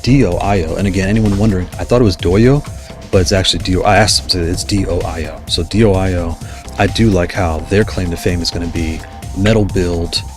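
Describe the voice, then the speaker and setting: A man with a somewhat low voice hosts a casual livestream, talking in a loose, rambling way. He gets enthusiastic and keeps wandering off into side stories before pulling himself back. Faint music plays quietly behind him. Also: fairly even intonation, quick pace. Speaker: livestream host.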